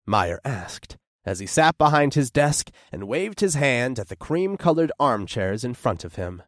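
A man narrating a first-person audiobook with lively, widely moving intonation and a mid-pitched voice. His descriptive storytelling is close-miked, and the recording is dry, with no room echo. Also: unhurried, hardly any pauses.

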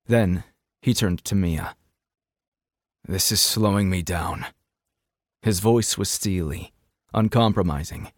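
A man narrating a novel with measured, dramatic storytelling. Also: deep voice, dry recording, studio quality. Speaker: audiobook narrator. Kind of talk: scripted narration.

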